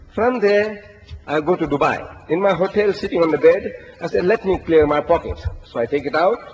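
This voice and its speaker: An older man preaching to an audience, telling animated stories and reciting Arabic verses. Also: fairly high pitch, slight background noise. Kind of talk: lecture to an audience. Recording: dull lo-fi recording, long hall reverb.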